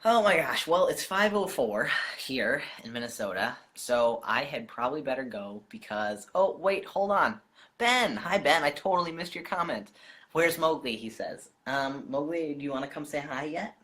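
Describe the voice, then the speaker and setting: A man's voice: fairly high pitch, lively intonation, moderate pace, a bit bright. A man chatting casually on a live stream from home, answering viewer comments directly, his voice wearing out.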